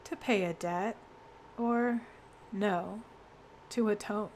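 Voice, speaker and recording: A calm, reserved teenage girl detective from a game, as a woman reads her lines aloud. The delivery is slow and even, without much flourish. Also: mid-range voice, a little hiss or hum. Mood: composed.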